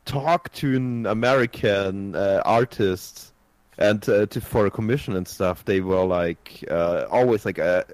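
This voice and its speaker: A man from Germany with a German accent, chatting casually in a group podcast, halting with many fillers and restarts. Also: lowish voice, darkish tone, no room sound, poor audio.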